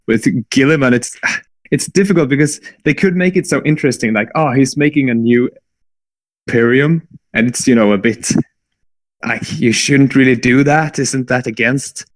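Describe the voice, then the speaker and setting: Man mid-pitch, musing casual book talk, dry close sound. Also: moderate pace, no room sound. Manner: hesitant, many fillers and restarts. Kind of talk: casual chat about books.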